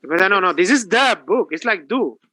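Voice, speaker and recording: A man's voice: high-pitched, fairly quick, no echo, rough recording. A male professor giving a classroom grammar lecture, asking rhetorical questions and repeating himself. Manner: lively, repetitive, rhetorical questions.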